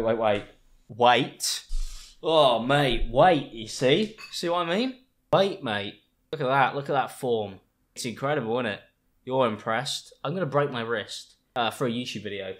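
A young man hosting a casual reaction video. He exclaims often and swears freely. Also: medium pitch. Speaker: YouTube reaction host.

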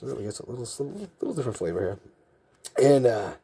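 A man's voice: medium pitch, sing-song, quick pace, vocal fry, mellow, breathy edge. A man, chatting casually as a trading card vlogger in a rambling way, chuckling and restarting his sentences. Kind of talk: casual chat and storytelling.

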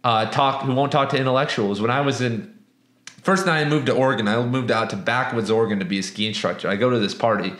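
A young man from the West Coast giving a casual, rambling book review, profane and animated, with many restarts. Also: mid-range voice, fast talker. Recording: echoey room.

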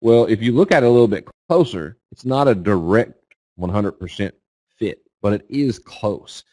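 A man's voice: on the low side, animated, moderate pace, warm tone, dry recording. A middle-aged man with a Kentucky accent, giving a folksy, casual webinar presentation as a guest speaker on trading. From Eastern Kentucky, US. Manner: folksy, casual, checks in with "okay?" and "right?".

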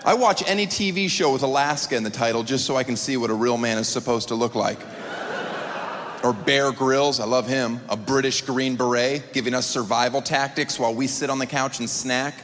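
Sarcastic stand-up comedian on a theater stage. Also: male voice, fairly quick. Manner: sarcastic, incredulous, with sudden pitch jumps into mock voices. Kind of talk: stand-up set. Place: large theater stage before a live audience. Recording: long theater reverb, audience noise.

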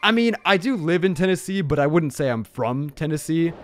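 A young man from Illinois chatting casually as he streams a game live on a boom-arm mic, excitable and shouting during fights. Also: brisk, a little hiss or hum. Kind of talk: casual live gameplay commentary.

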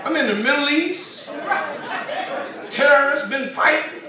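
A man from Texas, telling a folksy story in a sermon that builds into shouted preaching, recorded in a church sanctuary from a distance. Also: very high voice, measured pace, crowd noise. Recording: echoey hall from far off with congregation.

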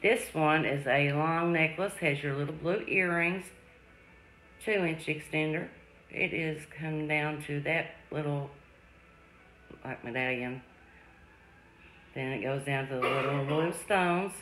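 A woman hosting a live jewelry sale, chatting warmly with viewers and calling them sweetie, love and darling. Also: deep voice, slow, long pauses, a little hiss or hum. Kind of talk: live-stream selling chat. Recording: echoey room.

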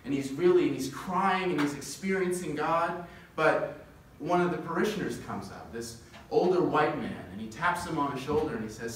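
Young preacher in a very echoey room. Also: male voice, a little high, expressive, slight background noise. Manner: storytelling with quick laughs, building to impassioned lists. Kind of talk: sermon. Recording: echoey room, distant mic.

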